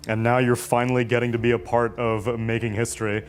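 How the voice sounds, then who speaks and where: A male interviewer questions a pro player with an upbeat, encouraging manner. His voice is mid-pitched and even. He keeps his questions short and warm. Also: a little fast, faint music behind.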